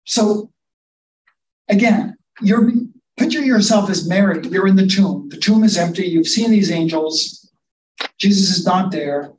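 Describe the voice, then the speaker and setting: A man with a high voice preaches a sermon, talking it through conversationally and inviting listeners to imagine themselves in the scene. He stands off the mic, so the sound is roomy and a little distant, with faint ambience behind him. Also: unhurried, a little mellow, a little hiss or hum.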